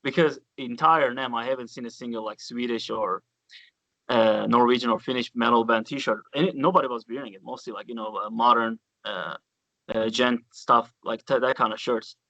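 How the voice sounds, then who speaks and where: A man, a guest bassist, chatting casually and telling rambling stories with many restarts. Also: steady tone, moderate pace, sharp tone, no room sound, muffled recording. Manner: rambling anecdotes full of restarts, "dude" and "man". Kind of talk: casual chat.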